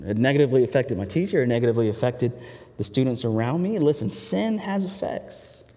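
A man's voice: medium pitch, expressive, fairly quick, mellow. A man preaching a sermon in a candid, conversational way, often turning to the listeners with asides. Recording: reverberant hall.

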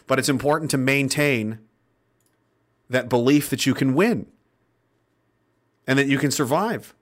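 Speaking to his viewers, a man delivers an impassioned monologue that's profane, rambling, and punctuated by restarts. He's an online commentator with a medium-pitched voice and a measured pace.

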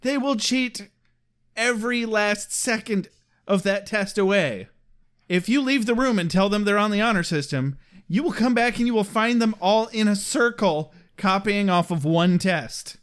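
Podcast co-host, male, high-pitched, sarcastic recapper. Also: normal speed, a bit bright, clean tone. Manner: recaps with sarcastic asides and mock character voices. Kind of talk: casual chat recapping a TV episode.

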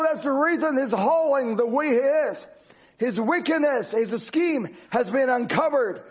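A man preaching a sermon with an emphatic, repetitive cadence. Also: very high-pitched. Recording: dull lo-fi recording.

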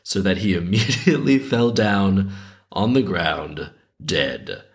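A male host reading a dark folk tale aloud, breaking in with sarcastic, chuckling commentary. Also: low-pitched, lively intonation, slow pace. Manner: sarcastic asides, frequent chuckles. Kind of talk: story reading with comedic commentary.

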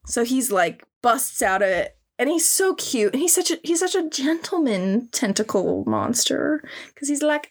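Casting: young woman host, bright higher voice, lively and giggly, crude jokes. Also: measured pace. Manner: animated, giggly, crude and sarcastic. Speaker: podcast host. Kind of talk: casual comedic recap.

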